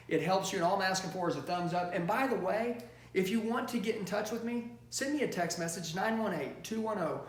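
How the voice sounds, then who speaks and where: High-pitched, pushy male sales coach. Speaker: sales trainer. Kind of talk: motivational sales training talk. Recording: roomy echo.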